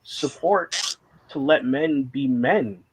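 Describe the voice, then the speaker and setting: This low-quality recording carries a little hiss or hum under a man's slow, medium-pitched voice. He's a guest in a casual chat, telling a personal story with candor and emotion, rambling through fillers and at times holding back tears.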